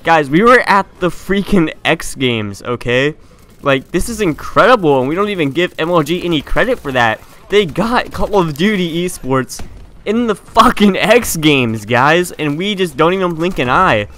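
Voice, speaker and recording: Teenage guy ranting, bright and crisp. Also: fairly high pitch, expressive, normal speed. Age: teens. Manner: heated, indignant ranting with frequent restarts and stumbles. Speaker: gaming YouTuber. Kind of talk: opinion rant vlog.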